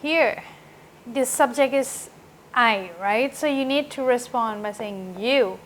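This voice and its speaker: Slow-speaking woman teaching English grammar. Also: on the high side, slight background noise. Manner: slow, explanatory, often adds "right?". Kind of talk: classroom grammar lesson.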